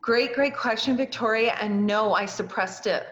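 A woman's voice: a little high, moderate pace, fairly bright tone. A woman, a guest in an interview, telling a personal story earnestly and acting out the voices of the people she quotes. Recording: dull lo-fi recording.

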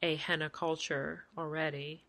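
Lower-pitched woman, bright voice, eager chatty henna artist. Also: little pitch movement, a little slow. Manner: asks questions, agrees eagerly, laughs along. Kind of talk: casual chat.

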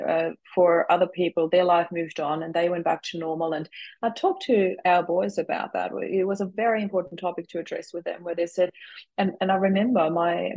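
Husky-voiced woman, calm and measured. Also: on the low side, poor audio. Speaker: interview guest. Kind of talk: reflective conversation.

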